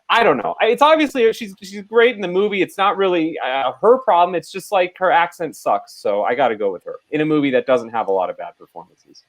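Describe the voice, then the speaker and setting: A man co-hosting a film podcast, talking casually and giving blunt, opinionated takes. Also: high voice. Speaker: podcast co-host.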